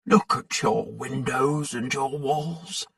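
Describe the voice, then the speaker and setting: A narrator voicing a grumpy old man who gruffly threatens children. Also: medium pitch, big pitch swings, slow, no echo, studio quality, exaggerated voice. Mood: tender.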